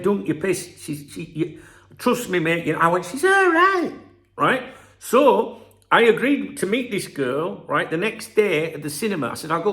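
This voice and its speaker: Man, middle-aged, high-pitched voice, rambling, swearing, chatty vlog storytelling. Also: sharp tone. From England, Scarborough. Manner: rambling, profane, storytelling with asides. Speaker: football channel host. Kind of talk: casual vlog monologue.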